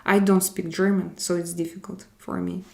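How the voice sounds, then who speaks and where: A woman's voice: fairly low pitch, level tone, moderate pace, vocal fry. A woman from Russia with a Russian accent, hosting a casual live stream and answering viewers' comments as she switches between languages. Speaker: live-stream host reading chat.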